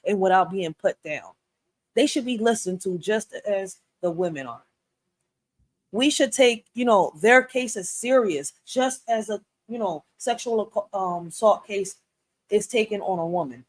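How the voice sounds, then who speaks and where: A woman hosting a live stream, giving blunt and passionate commentary that rises to loud outbursts. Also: medium pitch, no room sound.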